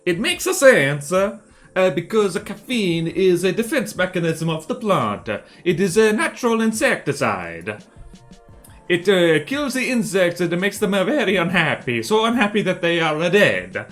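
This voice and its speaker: A man's voice: high-pitched, big pitch swings, moderate pace, fairly bright tone, pitched above the performer's own voice. A man putting on a jokey Italian accent as a boastful mafia boss, with broken grammar and many "uh" fillers. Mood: mock-boastful. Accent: put-on Italian.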